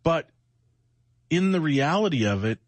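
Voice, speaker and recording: A man's voice: fairly high pitch, sing-song, a little slow, dry recording. A middle-aged man co-hosting a late-night radio show, talking in a rambling, reflective way with self-mocking asides while sounding exhausted from lack of sleep. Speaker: radio co-host.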